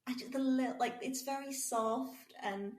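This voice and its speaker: A woman chatting on a podcast in a lively way, prompting her partner and telling anecdotes. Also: high-pitched, unhurried. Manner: lively, prompting, laughs often. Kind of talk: casual podcast conversation. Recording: roomy echo.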